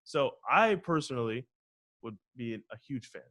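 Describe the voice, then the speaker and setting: A man co-hosting a podcast in casual chat, excitable and ranting, swearing freely. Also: medium pitch, moderate pace. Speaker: podcast co-host.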